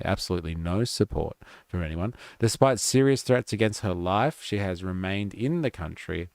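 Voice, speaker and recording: A deep-voiced man with a rough, gravelly edge hosts a live stream. He reads a statement aloud and keeps interrupting it with sarcastic, mocking remarks. The sound is dry, with no room echo. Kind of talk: reading aloud with sarcastic commentary.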